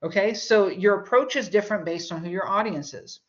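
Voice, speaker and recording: A woman's voice: medium pitch, a little fast, dull audio. A woman teaching a college English course in a recorded lecture, explaining with everyday examples and chatty asides.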